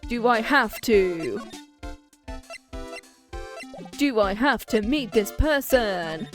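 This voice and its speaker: A woman's voice: a little high, animated, slow, soft background music. Chatty young British woman streaming a game. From Britain. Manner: chatty, joking, reads game lines in voices. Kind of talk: casual gameplay chat, reading dialogue aloud.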